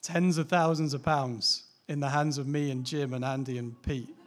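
A man's voice: medium pitch, steady tone, normal speed. A man, a pastor, preaching a sermon in a candid, conversational way, asking rhetorical questions and laughing lightly now and then.

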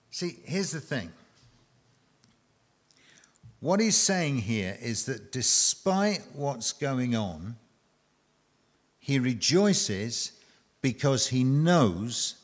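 Speaking in a mid-range voice, a man preaches to a congregation with emphatic, dramatic delivery, long pauses, and repeated phrases.

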